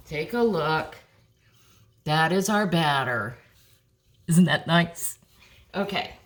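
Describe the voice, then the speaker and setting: A woman's voice: fairly low pitch, noisy background. An older woman giving a chatty, encouraging cooking demonstration at home, talking to viewers and her dog. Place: home kitchen. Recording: echoey kitchen, mic far off, clattering pots. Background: dishes and pans clattering.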